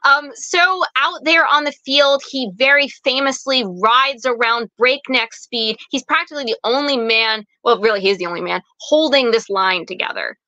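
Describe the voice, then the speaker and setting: Bright-voiced woman telling history dramatically. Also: high voice, normal speed, hardly any pauses, no room sound, highs cut off. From United States. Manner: animated, dramatic retelling with many fillers. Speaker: guest author. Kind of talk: historical storytelling.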